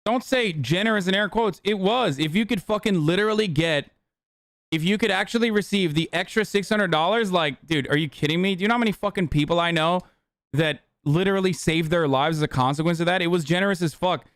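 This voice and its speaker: Male streamer, fired-up profane rant, fairly high voice, dry close sound. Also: fairly quick, fairly bright tone, no echo. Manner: heated, profane, ranting. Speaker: streamer reacting to a clip. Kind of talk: casual profane reaction commentary.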